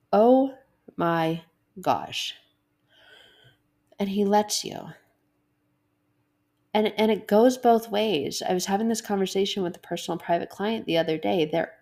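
A woman speaking casually about faith, animated, acting out little inner voices and laughing often. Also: on the low side, creaky. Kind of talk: casual devotional talk.

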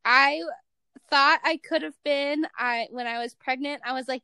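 Woman, 30s, high and bright-toned, chatty host, dry close mic. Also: fairly even intonation, unhurried, dry recording. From East Coast / Midwest United States. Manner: chatty, says "like" often, laughs easily. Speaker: podcast host. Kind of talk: casual chat.

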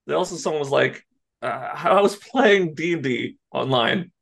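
A man co-hosting a podcast in casual chat, rambling and animated, swearing and laughing often. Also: a little high, normal speed, gravelly. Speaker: podcast co-host.

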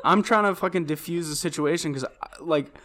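A man co-hosting a podcast, telling a story in casual chat, animated and swearing a lot. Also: on the high side, brisk, heavy background noise. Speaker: podcast co-host.

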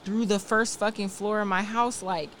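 A woman's voice: medium pitch, fairly even intonation, moderate pace, a bit bright, slight background noise. A young woman co-hosting a podcast, telling a candid story in slang and acting out what was said. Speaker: podcast co-host. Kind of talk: casual explicit chat.

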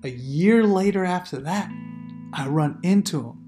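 A young man telling a story on a casual podcast, animated and full of swearing. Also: high-pitched, a little slow, over music. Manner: animated, heavy swearing, quotes people in changed voices. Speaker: podcast co-host.

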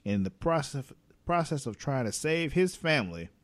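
A man's voice: mid-range voice, moderate pace. A man in casual chat about a TV episode, swearing freely and acting out the characters' lines in quotes. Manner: profane, animated, acts out characters' lines in quotes.

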